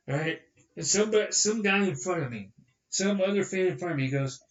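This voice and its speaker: A fairly high-voiced young man tells a long, rambling story on a podcast and acts out the other people's lines. His voice sounds roomy and a bit far from the mic. The recording is dull. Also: a little fast. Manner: rambling, animated, acts out quotes. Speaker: podcast host. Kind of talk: casual storytelling chat.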